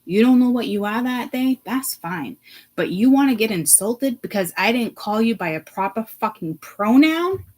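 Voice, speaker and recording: A woman vlogger ranting to her viewers, blunt and profane, swinging from hushed asides to loud outbursts. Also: fairly high pitch, normal speed, low-quality recording. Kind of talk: ranting to camera.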